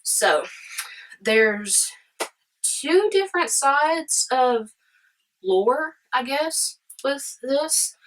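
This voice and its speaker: A woman's voice: high voice, expressive, drawn-out words, pauses often, fairly bright tone, slight background noise, poor audio. A woman vlogging casually about history, chatty and rambling with eager side tangents.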